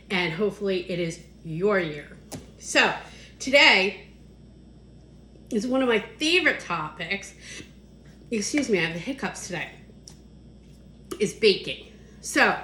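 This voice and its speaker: A woman's voice: mid-range voice, a bit bright, reverberant, slight background noise. A woman hosting a casual vlog, chatting enthusiastically as she shows off kitchen products. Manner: chatty, enthusiastic, counts points off as she goes. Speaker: host demonstrating kitchen products.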